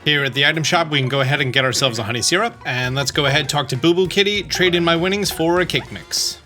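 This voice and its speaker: A man's voice: fairly high pitch, fast, pushed and bright. A man hosting a game walkthrough, chatting casually as he plays and reading the characters' lines aloud in his own voice. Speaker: let's play host. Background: faint game music.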